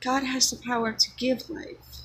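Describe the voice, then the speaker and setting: A woman's voice: high-pitched, level tone, measured pace, fairly bright tone, a little hiss or hum, low-quality recording. A woman giving an earnest, unscripted spiritual monologue, speaking her thoughts as they come to her. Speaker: vlogger sharing spiritual reflections.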